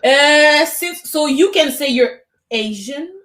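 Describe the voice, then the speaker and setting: A woman's voice: high-pitched, lively intonation, takes it slowly, a bit bright. A woman hosting a comedy show, introducing acts with playful, laughing banter. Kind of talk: bilingual stand-up hosting banter.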